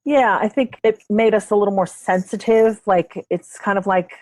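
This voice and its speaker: A woman's voice: mid-range voice, normal speed, darkish tone, dry recording. A woman producer speaking as a panel guest, hesitant, with many "you know" and "um". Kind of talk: casual panel discussion.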